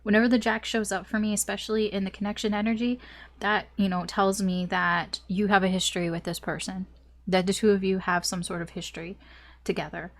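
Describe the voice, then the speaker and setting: A young woman talks through a tarot reading in a loose, rambling way. She fills her talk with "like" and soft little laughs, and she sounds a little choked up, stopping to cough now and then. Her voice sits at an ordinary middle pitch. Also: level tone, a little fast. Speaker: tarot reader. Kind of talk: casual tarot reading to camera.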